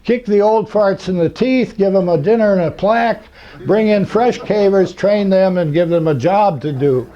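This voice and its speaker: Old guy telling dry funny stories at a talk, kinda muffled lo-fi sound, mellow tone. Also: high voice, moderate pace. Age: older. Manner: dry humor, rambling with fillers. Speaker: convention speaker. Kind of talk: anecdotal talk to an audience. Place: lecture hall. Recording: muffled lo-fi recording.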